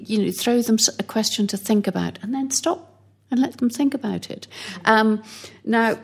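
A woman coaching on presenting, giving tips in a practical, instructive way. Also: on the high side. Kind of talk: podcast chat giving advice.

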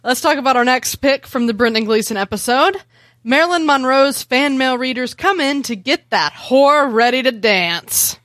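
A woman hosting a podcast, briskly steering the conversation to the next topic. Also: sits high, expressive, fairly bright tone, no echo. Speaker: podcast host. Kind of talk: casual podcast discussion.

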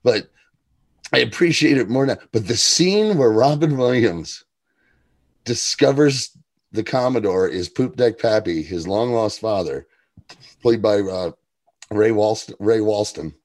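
A man's voice: lowish voice, measured pace. A man co-hosting a podcast, chatting casually about a TV episode and acting out lines from it. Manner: animated, quotes characters in put-on voices, laughs often. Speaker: podcast co-host. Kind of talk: casual chat recapping a TV episode.

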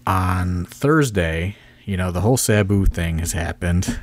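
A man's voice: low-pitched, unhurried. A man hosting a podcast and rambling through a story, full of "like" and "you know". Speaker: wrestling promoter and podcast host. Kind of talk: casual storytelling chat.

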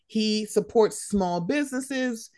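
A young woman hosting a casual pop-culture chat, animated and slangy, swearing freely. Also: medium pitch, takes it slowly, no echo, studio quality. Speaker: podcast host.

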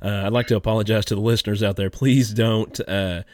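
A man's voice: fairly low pitch, steady tone, fairly quick, a little mellow, a little hiss or hum. A man hosting a podcast, telling stories in a laid-back way and laughing often. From Kentucky. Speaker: podcast host. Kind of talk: casual podcast chat.

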